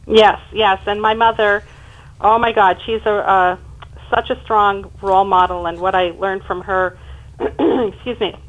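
A woman in her fifties speaks as an interview guest. She tells her story emphatically, with animated rises in her mid-pitched voice. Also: unhurried, lo-fi sound. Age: 50s. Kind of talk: personal storytelling in conversation.

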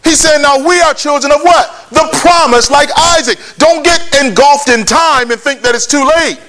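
A man's voice: very high-pitched, normal speed, pushed and bright. A man preaching a sermon, prodding his listeners with questions and pushing them to answer back. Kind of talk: sermon with call and response.

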